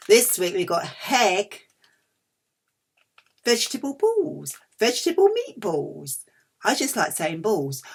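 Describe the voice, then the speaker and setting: Chatty husky woman vlogger. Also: medium pitch, very animated, takes it slowly, pauses often, darkish tone. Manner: cheeky, chatty, self-mocking. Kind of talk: chatty food haul vlog.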